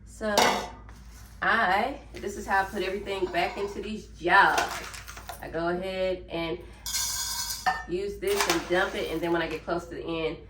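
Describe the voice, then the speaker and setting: This is a casual lifestyle vlog in which a woman from Memphis, Tennessee, speaking with a Southern accent, talks to viewers as she cleans her kitchen at home. Her voice is fairly low, steady in tone and unhurried. She's recorded off-mic in a roomy space with heavy background noise.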